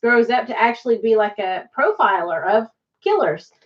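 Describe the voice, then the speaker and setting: A woman's voice: a little high, very animated, moderate pace, far from the mic, highs cut off. A woman co-hosting a casual TV review podcast with her husband, giggly and laughing at her own jokes. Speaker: podcast co-host.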